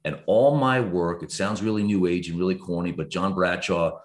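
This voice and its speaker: Deep-voiced earnest man in his fifties. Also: moderate pace. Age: 50s. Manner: earnest, reflective, lively swings in pitch when explaining. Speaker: guest author. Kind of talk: podcast conversation.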